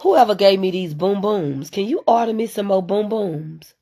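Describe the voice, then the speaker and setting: A woman's voice: mid-range voice, lively intonation, normal speed, mellow. A woman hosting a casual live stream, chatting straight to her viewers and answering their comments. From United States. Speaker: livestream host reading viewer comments.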